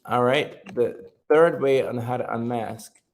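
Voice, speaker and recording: A man hosting a casual livestream, chatting with viewers, reading their comments aloud and repeating himself in a relaxed way. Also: medium pitch, slow. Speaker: livestream host.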